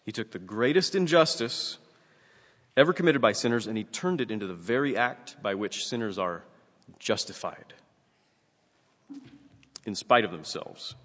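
Male pastor, earnest measured sermon delivery, lower voice, long church reverb. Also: expressive, fairly bright tone. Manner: earnest, measured preaching with emphatic rises. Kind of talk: sermon with scripture reading.

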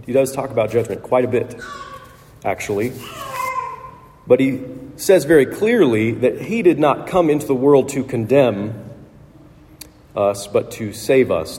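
A man's voice: mid-range voice, warm tone, in a large hall, slight background noise. A man preaching a sermon as pastor, earnest and reflective, thinking aloud with restarts.

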